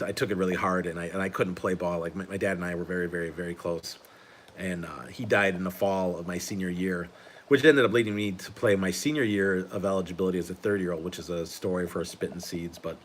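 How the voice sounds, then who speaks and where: Easygoing deep-voiced man chatting. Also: a bit bright. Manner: rambling, easygoing, many restarts. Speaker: host and coach. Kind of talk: casual live-stream chat while sorting cards.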